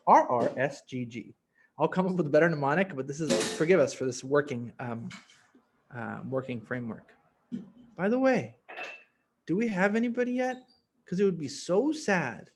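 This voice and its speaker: A young man teaching medicine over a video call, with a fairly high voice that jumps around a lot. He jokes constantly and plays up his points in exaggerated voices. It sounds like an animated, informal lesson. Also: slight background noise. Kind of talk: playful medical teaching on a livestream.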